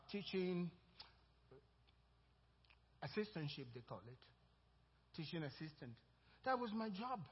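Husky high-voiced preacher in a reverberant hall. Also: male voice. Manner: storytelling, then rising to loud fervent exhortation. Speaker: pastor. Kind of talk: sermon. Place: church sanctuary. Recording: dull lo-fi church recording with long reverb.

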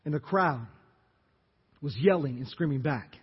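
A man preaching a sermon as pastor, telling the story dramatically and acting out the crowd's shouts. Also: fairly high pitch, expressive, measured pace, slightly rough. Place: church sanctuary. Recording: dull reverberant church recording.

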